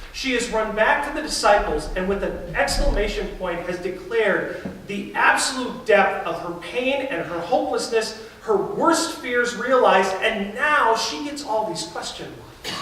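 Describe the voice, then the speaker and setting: Animated pastor in an echoey church. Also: male voice, high voice, far from the mic, a little hiss or hum. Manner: animated storytelling, acts out quoted voices. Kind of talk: sermon. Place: large church sanctuary.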